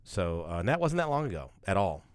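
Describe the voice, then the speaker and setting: A man in his fifties with a raspy, slightly congested voice, grumbling skeptically in casual podcast chat on a studio mic. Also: deep voice, very animated, brisk, dry recording. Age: 50s. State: congested, getting over illness. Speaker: podcast co-host.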